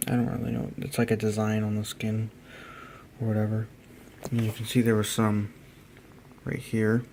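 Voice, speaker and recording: A tired man narrating a casual hobby painting vlog, halting and rambling as he trails off mid-thought. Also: fairly low pitch, a little mellow, slight background noise. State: tired, yawning.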